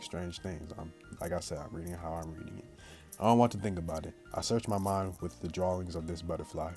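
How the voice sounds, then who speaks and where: Low-voiced male streamer reading a visual novel aloud, with slangy asides to chat. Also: warm tone. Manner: plain read-aloud, breaks off into slangy chat to viewers. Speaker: gaming channel host.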